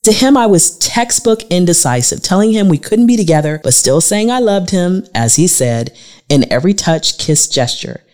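A woman's voice: fairly low pitch, animated, moderate pace, a little mellow. A woman in her forties from the Southern United States, with a Southern American accent, reading her own memoir aloud in an emotional, confessional way. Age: 40s. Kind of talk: audiobook memoir narration.

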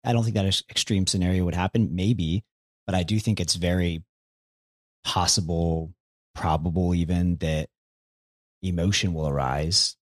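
Deep-voiced, careful man. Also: steady tone, no room sound. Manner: careful, measured, hedging. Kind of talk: casual conversation.

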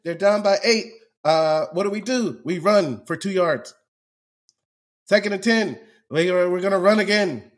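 A man's voice: high-pitched, a little slow. A man co-hosting a podcast, ranting animatedly and laughing often. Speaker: podcast co-host. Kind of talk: casual chat.

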